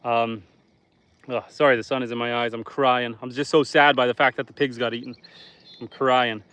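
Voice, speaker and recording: A man's voice: medium pitch, steady tone, brisk, a bit bright, no echo. Chatty Canadian homesteader man outdoors. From northern Canada. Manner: chatty, joking, talks to chat while fishing. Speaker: homesteader and livestreamer. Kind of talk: casual live stream chat. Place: outdoors by a lake.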